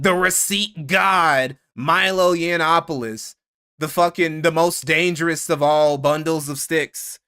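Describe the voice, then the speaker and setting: Bright-voiced, profane streamer. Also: male voice, on the high side. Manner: profane, mocking, thanks donors. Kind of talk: casual live-stream commentary.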